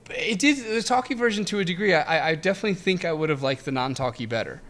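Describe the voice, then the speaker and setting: Talking very fast in a high, expressive, slightly bright voice, a man co-hosts a retro game podcast. The game review is a casual chat, full of laughter and restarts.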